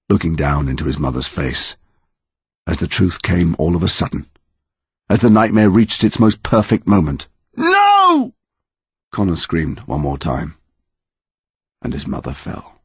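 A man narrating a dark storybook with slow, highly dramatic delivery. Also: slightly rough, dry recording. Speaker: audiobook narrator.

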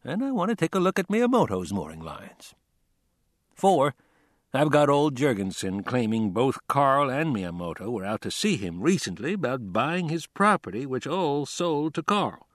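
A man's voice: mid-range voice, big pitch swings, normal speed, no echo, voice pushed up, lightly acted. A man reading as a blunt, worn-out small-town sheriff, his voice rising and falling a great deal as he lays out his case point by point. The recording is dry and close, like a storybook audiobook. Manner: plainspoken, listing his reasons.

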